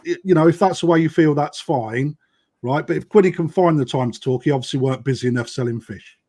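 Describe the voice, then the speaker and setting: A man's voice: on the high side, a little mellow. A man, a koi dealer, talking bluntly on a live-stream chat and tagging points with "right?". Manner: blunt, emphatic, keeps adding "right?".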